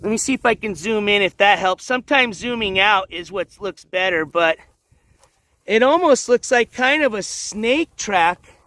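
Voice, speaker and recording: A man's voice: high-pitched, expressive, moderate pace, pushed and bright, dry recording. A man hosting a casual outdoor livestream as he walks through a dry riverbed, chatting with viewers and calling to his dogs. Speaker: livestream host. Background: dogs moving about outdoors.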